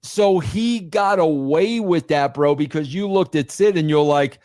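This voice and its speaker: A man's voice: on the high side, unhurried, few pauses, darkish tone, no echo, clean studio sound. An older man in casual podcast chat, talking emphatically and saying "bro" often with many restarts. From New York. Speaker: podcast guest, former wrestling writer.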